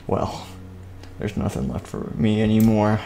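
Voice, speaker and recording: Guy streaming a game, goofy narration, keeps doing quick silly voices. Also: on the low side, warm tone, a little hiss or hum. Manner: playful, jumps between narration and silly character voices. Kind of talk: live-stream play narration with voiced characters.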